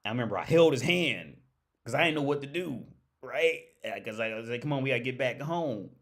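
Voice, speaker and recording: This livestream host has a mid-range, slightly bright voice and speaks animatedly at a fairly quick clip. His story wanders loosely, broken up by frequent laughter, swearing, and plenty of "like" and "right?".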